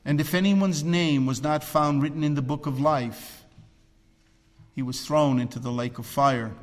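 A man preaching a sermon as pastor, swinging between loud emphatic cries and hushed, low, drawn-out phrases. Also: long reverb tail.

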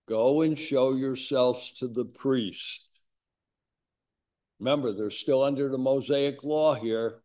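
A man preaching a sermon in a folksy, conversational way, with asides to his congregation. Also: mid-range voice. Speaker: pastor.

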